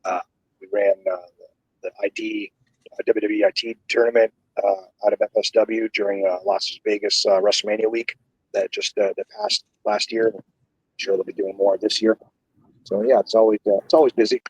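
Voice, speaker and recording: A man's voice: lowish voice, little pitch movement, moderate pace, husky, dry recording, muffled recording. A middle-aged man, a wrestling guest on a podcast, telling a long rambling story full of fillers and restarts. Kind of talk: casual storytelling.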